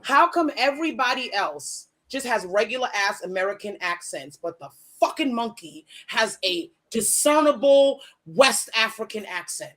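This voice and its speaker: A woman with a raised, bright, forceful voice, guesting on a casual podcast. She rants bluntly and swears heavily, with a lot of animation. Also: on the high side, animated, moderate pace, few pauses.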